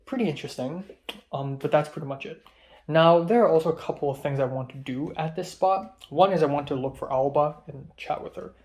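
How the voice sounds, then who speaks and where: A man's voice: on the high side, a little mellow. A young man and native Cantonese speaker casually telling a rambling story as a vlogger, with frequent ums and restarts. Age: young adult.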